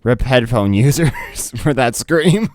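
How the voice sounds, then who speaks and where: A man's voice: medium pitch, expressive, takes it slowly, no echo, studio quality. A man hosting a gaming video, chatting casually and laughing at the clips. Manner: amused, chatty, laughs a lot. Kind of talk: casual commentary.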